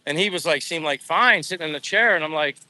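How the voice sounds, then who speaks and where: A middle-aged man with a very bright, edgy tone and a somewhat raised pitch. He tells a personal story on a casual live stream. His delivery rambles and restarts, and he is openly emotional. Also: fast, no echo. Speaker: vlogger.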